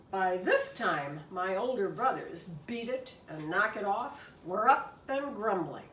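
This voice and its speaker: A woman reading a children's storybook aloud in an expressive, animated way. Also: medium pitch, takes it slowly, few pauses, distant mic. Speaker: reader. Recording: echoey room from afar.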